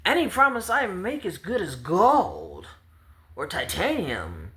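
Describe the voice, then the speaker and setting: A man's voice: high-pitched, huge pitch swings, slow, bright, forceful tone, voice pushed up, heavily acted. A man voicing a naive, boastful young male hero who is earnest and self-praising. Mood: indignant boasting. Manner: showy, self-praising, indignant. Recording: roomy echo with faint ambience.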